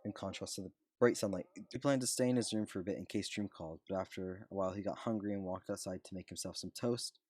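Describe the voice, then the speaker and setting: A man's voice: low voice, fast talker, few pauses, darkish tone, no room sound. A man reading fan fiction aloud in a plain way, with slips and restarts. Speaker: reader.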